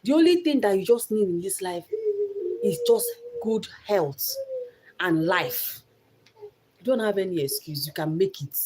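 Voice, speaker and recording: A woman's voice: mid-range voice, animated, a little slow, long pauses, background noise. A young Nigerian woman giving an earnest motivational talk about her life, repeating phrases for emphasis. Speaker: vlogger.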